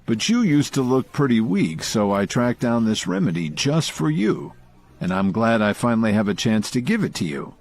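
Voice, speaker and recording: A man's voice: medium pitch, sing-song, normal speed, darkish tone. A man narrating an audio story voices a confident, generous male friend who insists on giving a gift. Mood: insistent.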